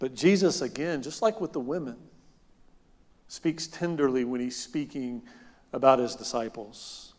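A man preaching a sermon as pastor, animated, moving between loud emphatic lines and soft, quiet ones. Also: medium pitch, measured pace. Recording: long hall reverb.

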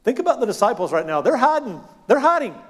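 A man preaching a sermon as pastor, animated, moving between loud emphatic lines and soft, quiet ones. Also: extremely high pitch, quick pace. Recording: long hall reverb.

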